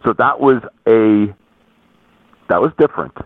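A man telling a story in casual chat, rambling with halting restarts, heard over a tinny phone line. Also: on the low side, no echo. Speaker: podcast guest.

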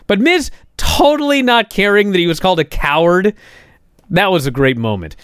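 A man's voice: sits high, animated, moderate pace, fairly bright tone, smooth, dry recording, clean studio sound. A man giving a casual, sarcastic recap of a wrestling show, exasperated and building to indignant outbursts.

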